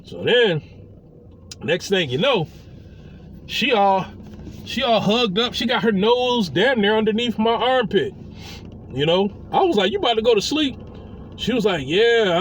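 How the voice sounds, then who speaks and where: Animated man telling a casual story. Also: high-pitched, moderate pace, a little hiss or hum. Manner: animated, voices the people he quotes.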